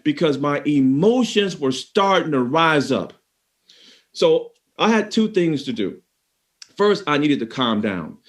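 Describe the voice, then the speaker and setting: Brief: male keynote speaker, slightly high voice, lively storyteller who talks straight to the crowd. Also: unhurried. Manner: animated storyteller, addresses the audience directly. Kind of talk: motivational talk.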